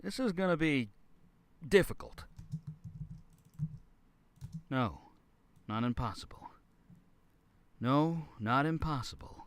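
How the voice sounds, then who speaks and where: A man's voice: a little high, expressive, takes it slowly, long pauses. A man voicing a male game character in recorded voiceover takes, saying the same lines again and again. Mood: tense. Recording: played back from editing software.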